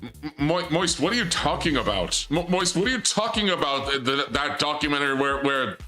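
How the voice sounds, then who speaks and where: A man's voice: on the high side, lively intonation, a little fast, bright, forceful tone, soft background music. Rambling, stammering young male streamer. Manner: rambling, self-interrupting and stammering, with goofy asides. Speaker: VTuber streamer. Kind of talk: live game stream commentary.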